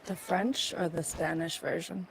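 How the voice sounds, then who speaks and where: A woman's voice: on the low side, steady tone, unhurried, creaky, slight background noise. A woman playing a video game with a friend, chatting playfully, her mic set a little far away. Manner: playful, laughs easily. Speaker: co-player. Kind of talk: casual gaming chat.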